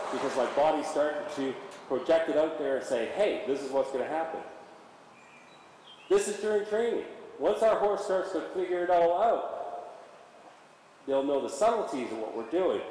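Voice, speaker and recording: A male horse trainer giving an energetic, animated demonstration and coaxing his horse as he works. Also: mid-range voice, a little hiss or hum. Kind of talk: instructional demonstration. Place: riding arena at a stable. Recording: echoey hall from far off.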